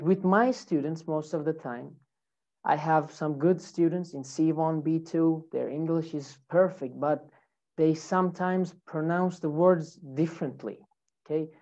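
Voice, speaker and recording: A woman with a low, mellow voice teaches English in a live online class, greeting each student by name in a friendly manner. She speaks slowly, and the sound comes through a computer mic, a bit dull and lo-fi.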